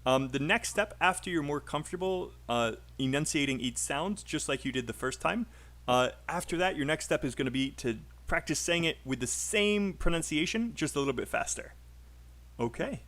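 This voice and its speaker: A man's voice: fairly high pitch, lively intonation, moderate pace, a bit bright. Encouraging British male English teacher. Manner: encouraging, coaching, filler-heavy. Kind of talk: online speaking class over voice chat.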